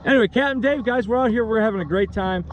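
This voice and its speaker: A man's voice: sits high, fast talker, slight background noise. A man working as a fishing guide, chatting and joking on a boat on a lake, often laughing and restarting his sentences. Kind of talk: casual fishing vlog chat.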